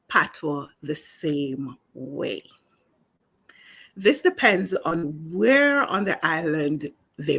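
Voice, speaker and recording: A woman from Jamaica teaching a spoken language lesson in a calm, explanatory way, with small restarts. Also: lowish voice, slightly rough.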